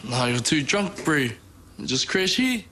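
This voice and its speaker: An anxious young partygoer. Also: male voice, fairly high pitch, very animated, takes it slowly, crowd noise.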